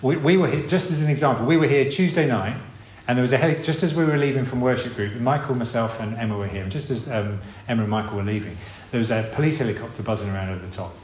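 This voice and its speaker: Man, mid-pitched voice, rambling informal sermon, echoey hall with a faint background hum. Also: fast, hardly any pauses, darkish tone. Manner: conversational, rambling with restarts and asides. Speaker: preacher. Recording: roomy hall with faint ambience.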